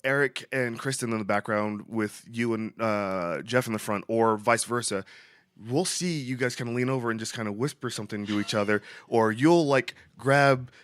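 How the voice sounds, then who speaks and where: A man's voice: mid-range voice, normal speed, fairly bright tone, clear, resonant tone, no room sound. Eager male podcast host, dry sound. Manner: enthusiastic, long-winded questions full of restarts. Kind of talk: casual interview chat.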